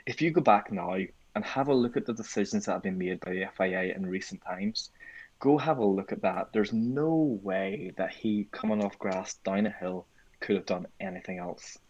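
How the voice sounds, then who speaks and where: A man co-hosting a laid-back podcast throws questions to his partner and chimes in with quick agreement. His voice is very deep, with a husky, slightly rough edge. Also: darkish tone, dry recording, muffled recording. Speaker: podcast co-host. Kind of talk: casual chat.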